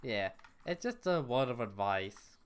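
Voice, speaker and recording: A man chatting on a game livestream, rambling and blunt, with plenty of swearing and exasperation. His voice is smooth and clear, sitting at an ordinary middle pitch for a man, and it comes through a desk microphone. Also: sing-song, measured pace. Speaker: VTuber streamer. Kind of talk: casual gaming livestream chat.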